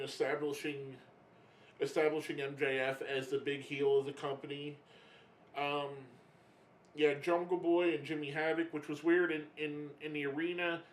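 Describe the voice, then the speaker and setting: A man giving a casual spoken review, emotional and halting, often getting choked up and restarting his sentences. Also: a little high, reverberant, rough recording. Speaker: wrestling reviewer.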